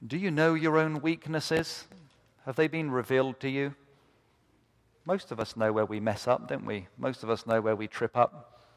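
A man preaching a sermon to his congregation, impassioned and building to fervent repeated cries. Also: medium pitch. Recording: long reverb of a large hall.

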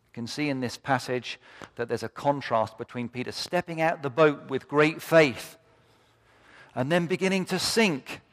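A man's voice: fairly high pitch, normal speed. A man preaching a sermon to his congregation, impassioned and building to fervent repeated cries. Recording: long reverb of a large hall.

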